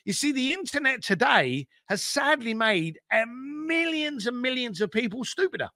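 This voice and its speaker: A man being interviewed as an entrepreneur, giving blunt, energetic business advice and swearing casually. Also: very high-pitched, moderate pace, no echo, clean studio sound. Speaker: entrepreneur guest.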